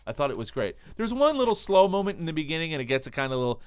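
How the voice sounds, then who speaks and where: A man's voice: a little high, very animated, racing, smooth, no room sound. A man co-hosting an entertainment podcast, chatting casually and enthusiastically, with lots of "like" fillers. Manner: enthusiastic, says "like" often. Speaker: podcast co-host. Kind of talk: casual chat.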